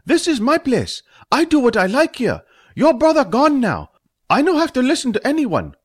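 A man voicing an excitable, hot-tempered male restaurant owner who speaks in broken English in a very high, loud voice. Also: normal speed, slightly rough, no room sound, clean studio sound, heavily acted. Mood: indignant.

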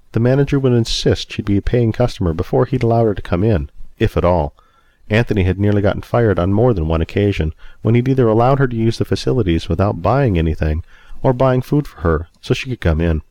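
Low-voiced man reading a story. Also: dark tone, no room sound. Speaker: narrator. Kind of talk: storybook narration.

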